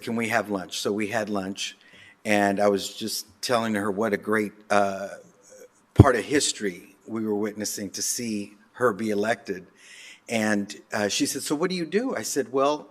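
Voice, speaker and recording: A man, a speech and debate coach, giving animated storytelling remarks at a city council meeting. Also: medium pitch.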